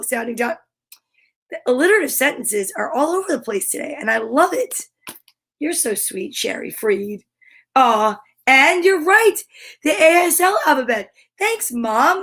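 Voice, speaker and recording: A woman hosting a livestream story time, chatting excitedly and greeting viewers by name. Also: high-pitched. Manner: bubbly and excitable, reads out viewer comments.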